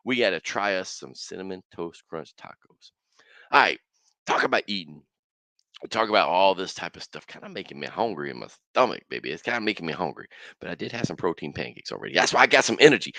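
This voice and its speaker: Lively, excitable man with a low voice. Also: no echo. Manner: animated, slangy, bursts of loud excitement. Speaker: podcast host. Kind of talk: casual solo podcast chat.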